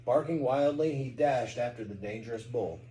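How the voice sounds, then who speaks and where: A man's voice: medium pitch, moderate pace, warm tone, roomy sound, a little hiss or hum, rough recording. A man from Kentucky, a parent reading a storybook aloud to a child at home, with chatty asides.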